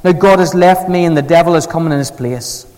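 A man reading the lines of a despairing imprisoned backslider from a storybook passage, in a low, defeated way. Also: fairly quick, a little mellow, big-room sound, close to an everyday voice.

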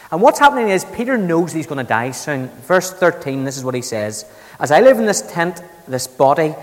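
A man preaching a sermon, telling Bible stories in a lively, dramatic way with big swings between loud and quiet. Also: mid-range voice, long reverb tail.

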